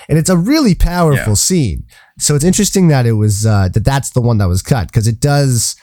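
A man chatting on a podcast, rambling and hunting for the right word, with casual swearing. His voice is mellow and dark. The sound is dry and close, with no room echo. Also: mid-range voice, expressive, brisk. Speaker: podcast co-host. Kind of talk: casual chat.

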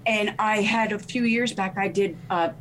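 A woman's voice: mid-range voice, moderate pace, slight background noise. A middle-aged woman sharing her testimony in a casual talk-show chat, telling stories with energy and acting out the voices of other people. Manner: animated storyteller who acts out the voices of others. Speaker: guest minister.

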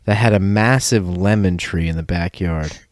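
A man's voice: low voice, moderate pace, no room sound, clean studio sound. A man hosting a podcast, reading a listener's letter aloud in a loose, casual chat. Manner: lively, laughing, loose. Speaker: podcast host.

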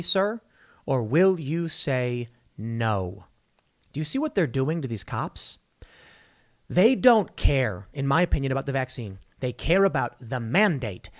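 A man with a voice on the high side delivers opinionated political commentary, speaking emphatically, firing off rhetorical questions and mocking the people he quotes.

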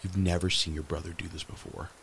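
A man running a tabletop game as game master, narrating with animated storytelling that swings between hushed and loud. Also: deep voice, fast, creaky, slight background noise.

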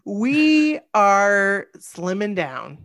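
A woman co-hosts a podcast in loose, casual chat. She sounds tired and rambles, often stopping to correct herself. Her voice sits at an ordinary middle pitch, recorded close and dry. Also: sing-song, extremely slow, a bit bright, no room sound. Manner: chatty, rambling, self-correcting. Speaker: podcast co-host.

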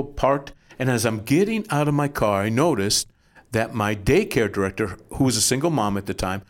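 A middle-aged man, a pastor, telling a personal testimony as an animated storyteller with quick asides. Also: medium pitch.

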